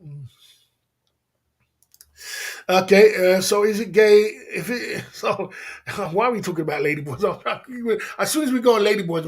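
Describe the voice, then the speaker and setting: Chatty man hosting a livestream. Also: fairly high pitch. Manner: chatty, laughs often, keeps asking "you know what I mean". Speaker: livestream host. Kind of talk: casual livestream chat.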